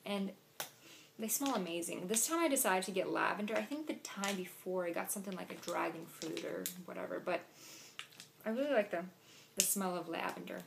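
A young vlogger chats casually to camera through a shopping haul, using lots of "like" and "um" as she goes. Her mid-range voice is brisk and gravelly, and background noise can be heard.

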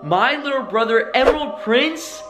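A man hosting a reaction vlog who talks in a hyper, dramatic way, full of loud exclamations. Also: very high voice, expressive, normal speed, over music. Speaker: YouTube host.

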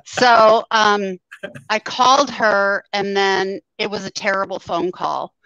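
A woman guest telling a personal story in a halting way, full of ums, her voice scratchy after surgery. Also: mid-range voice, fairly even intonation, a bit bright, no room sound. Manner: halting, with many ums and pauses. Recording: dull, lo-fi sound.

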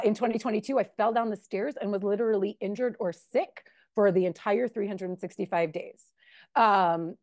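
A woman's voice: mid-range voice, no room sound, clean studio sound. A woman in her forties giving a candid, emotional personal recovery testimony at a meeting. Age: 40s. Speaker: member sharing at a recovery meeting.

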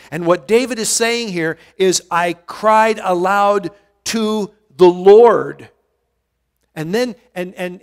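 A man's voice: high-pitched, in a large hall. A male pastor teaching a verse-by-verse Bible study in an earnest way, often restarting words and stressing key phrases.

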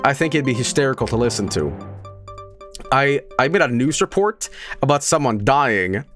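A man's voice: mid-range voice, expressive, moderate pace, fairly bright tone, soft background music. A man from Sweden streaming a game, joking and riffing in casual commentary.

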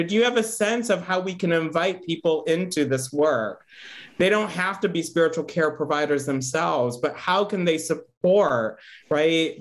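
A man hosting a reflective interview, speaking earnestly and searchingly, often tagging his thoughts with "right?". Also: a little high. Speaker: host.

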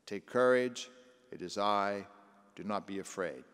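Older priest preaching in a reverberant church. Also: male voice, lowish voice, unhurried, a bit bright, smooth. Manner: conversational preaching, acting out scripture voices. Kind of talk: sermon.

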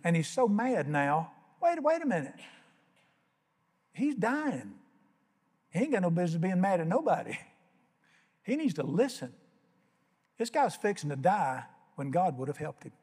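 A pastor preaches to his congregation, retelling an old story in plain, folksy talk and slipping into the voices of its characters. His voice sits on the higher side for a man. The sound rings out with the long reverb of a large church sanctuary. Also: very animated, moderate pace, pauses often, a little mellow, breathy edge. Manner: folksy storytelling, acts out biblical characters in casual Southern-style speech. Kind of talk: sermon.

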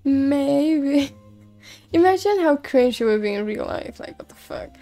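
A woman's voice: sits high, expressive, normal speed, warm tone, faint music behind. A young woman commenting casually while playing a game, giggly and self-mocking, swearing now and then. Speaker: gameplay streamer. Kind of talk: let's play commentary.

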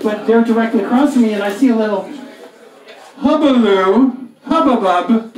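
A man's voice: high voice, a little mellow. A man in his forties doing a live stand-up set, talking in a profane, self-mocking, rambling way. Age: 40s. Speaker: stand-up comedian. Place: comedy club stage. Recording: echoey club heard from far off, audience. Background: audience laughter.

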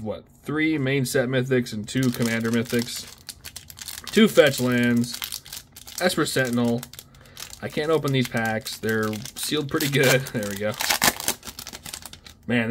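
A young man casually talking through a card unboxing, excitable and slangy, often exclaiming at what he pulls. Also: mid-range voice, measured pace, long pauses, slight background noise. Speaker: card opening video host.

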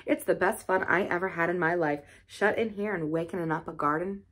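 A woman's voice: lowish voice, a little fast, a bit bright. A woman voicing a cheerful twelve-year-old moorland boy with a broad Yorkshire dialect and an easygoing, earthy manner. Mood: eager.

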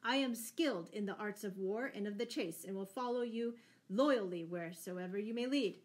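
A woman's voice: medium pitch, moderate pace, natural voice. A woman voicing a tall, strong male stranger in a storybook reading, speaking earnestly and forthrightly.

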